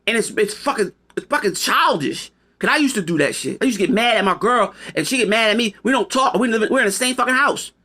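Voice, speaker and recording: A man's voice: sits high, animated, fast, hardly any pauses, pushed and bright. A man delivering a rambling, profane opinion monologue to camera, emphatic and casual. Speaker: video commentator.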